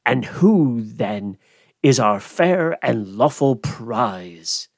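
Storybook goblin, stern and leering, drawn-out questions, lively swings in pitch; a man puts him on. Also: no echo, clean studio sound, exaggerated voice.

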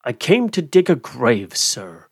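Storybook sexton, fearful and stammering, unhurried delivery; a man plays him. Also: medium pitch, very animated, slightly rough, no room sound, studio quality, full character voice. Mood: frightened. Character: frightened old male gravedigger.

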